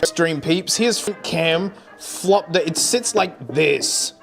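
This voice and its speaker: Chatty, animated man who laughs often. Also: on the high side, slow, vocal fry, soft background music. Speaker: streamer and vlogger. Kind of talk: casual chat.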